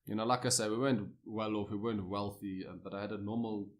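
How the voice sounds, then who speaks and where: A South African man in his thirties talks fast in a low register. He tells his stories as a guest in a casual interview. He is lively and anecdotal, often restarting his sentences. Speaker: cricketer guest.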